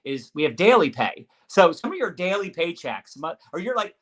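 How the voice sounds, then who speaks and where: A man's voice: high-pitched, sing-song, normal speed. A man hosting a live-streamed interview over a video call, talking in an upbeat, hyped-up motivational way. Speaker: host.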